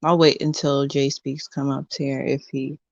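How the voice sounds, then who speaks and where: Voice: mid-range voice, level tone, a little slow, dry recording, highs cut off. A livestream guest talking casually and hesitantly, with many fillers. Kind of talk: casual chat.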